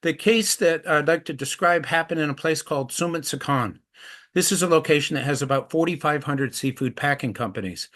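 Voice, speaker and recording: A man's voice: fairly high pitch, a little fast, fairly bright tone. A middle-aged man, an activist, giving an earnest storytelling presentation. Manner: earnest, acts out quoted voices in anecdotes. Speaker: anti-trafficking activist speaker.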